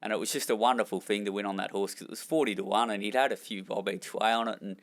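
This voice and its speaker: A man's voice: lowish voice, fairly even intonation, fast talker. Australian man telling stories candidly. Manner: rambling, self-deprecating, chuckles while telling stories. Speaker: former jockey and trainer, guest. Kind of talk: candid storytelling in a podcast interview.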